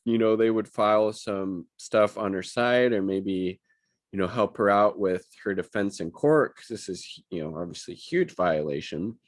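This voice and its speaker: A man's voice: lowish voice, normal speed, no room sound. A man reading news items aloud and giving angry, profane, sarcastic commentary on them. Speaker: political commentator.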